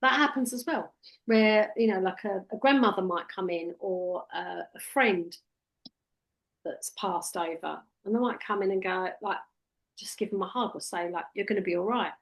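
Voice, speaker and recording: A woman coaching a trainee one-to-one. Her voice sits at a middle pitch, and she talks direct and practical, dropping into a softer, soothing tone when she quotes what she tells clients. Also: normal speed. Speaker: hypnotherapy trainer. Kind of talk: casual one-to-one teaching.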